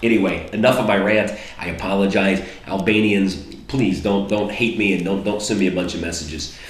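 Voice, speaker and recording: Indignant deep-voiced man ranting. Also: reverberant, slight background noise. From United States. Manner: indignant, repeats and restarts words. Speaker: vlogger. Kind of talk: heated political rant to camera.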